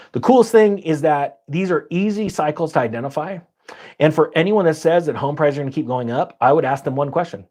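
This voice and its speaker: A man hosting a finance channel, giving casual, sarcastic commentary over charts with big jumps in pitch for emphasis. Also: a little mellow.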